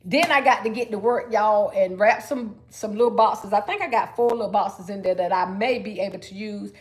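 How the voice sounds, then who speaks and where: A middle-aged woman hosting a casual livestream, chatting in a folksy, talkative way and calling her viewers y'all. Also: mid-range voice. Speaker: livestream host, gift-wrapping crafter.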